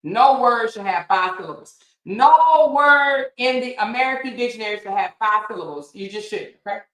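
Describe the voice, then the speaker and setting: A fairly high-voiced woman runs a gossip livestream, animated and loud, cussing as she acts out quotes. The room around her sounds echoey. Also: normal speed. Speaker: gossip channel host. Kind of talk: casual gossip commentary livestream.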